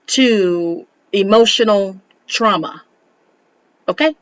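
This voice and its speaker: A woman reviewing reality TV in a chatty, sassy recap, often jumping up high for exclamations. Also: fairly bright tone, low-quality recording. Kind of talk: casual gossip recap commentary.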